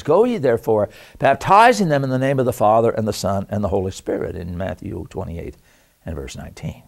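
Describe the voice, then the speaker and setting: A man's voice: mid-range voice, darkish tone. A man giving an emphatic, conversational lecture to an audience with slides, using asides and self-deprecating humor. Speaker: Christian apologetics lecturer.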